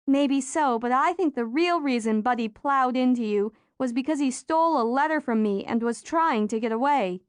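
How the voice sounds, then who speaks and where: Lady reading as a bossy little girl, high and excitable, sharp tongue, dry audiobook sound. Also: moderate pace, few pauses, clean tone, no room sound, close to an everyday voice. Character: spirited young girl, quick to tease and scold. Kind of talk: audiobook character voice.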